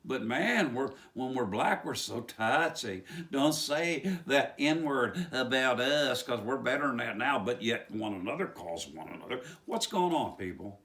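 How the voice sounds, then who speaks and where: A man's voice: mid-range voice, expressive, unhurried, hardly any pauses, a bit bright. A man from West Virginia with a West Virginia accent, preaching an informal sermon in a rambling way full of rhetorical questions.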